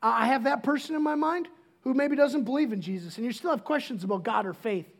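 A man's voice: extremely high pitch, a little fast, gravelly. A middle-aged man preaching a sermon as pastor, casual and joking, often restarting his sentences.

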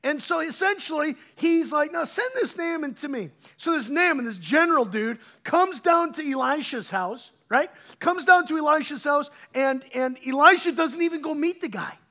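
A woman's voice: high-pitched, expressive, moderate pace, few pauses. A woman pastor preaching a sermon, telling a Bible story in a casual, chatty way with many restarts and fillers. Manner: soft, quiet opening prayer.

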